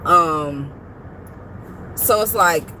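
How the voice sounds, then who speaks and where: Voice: medium pitch, extremely slow, bright, forceful tone, slight background noise. Earnest, reassuring vlogger talking from a car. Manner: earnest and reassuring, rambling with many fillers and restarts. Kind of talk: casual motivational talk to camera. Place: inside a parked car.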